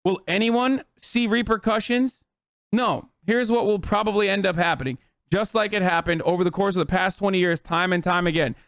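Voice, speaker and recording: A man's voice: sits high, moderate pace, a bit bright, no room sound, studio quality. A man streaming political commentary, ranting to his live chat in a heated, profane way.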